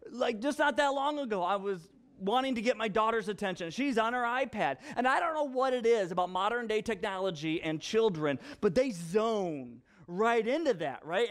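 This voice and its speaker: Pastor, male, young dad, high voice, animated anecdotal preaching style. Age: young father. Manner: animated storyteller, repeats himself for effect. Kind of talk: conversational sermon with personal stories.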